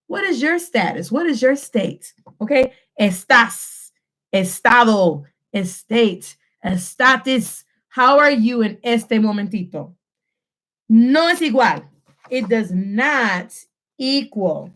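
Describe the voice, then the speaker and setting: A woman teaching a Spanish lesson, switching between English and Spanish and slowing down to stress key phrases. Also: a little high, expressive, fairly bright tone. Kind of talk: classroom lesson.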